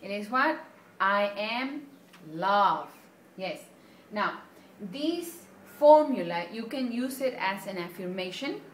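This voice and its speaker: A woman's voice: medium pitch, lively intonation, measured pace. Self-help lady talking to camera, keeps saying okay? and answering her own questions, echoey room, bit of hiss. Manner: affectionate, earnest encouragement. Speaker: self-help video presenter. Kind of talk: motivational talk to camera. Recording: echoey room with faint background noise.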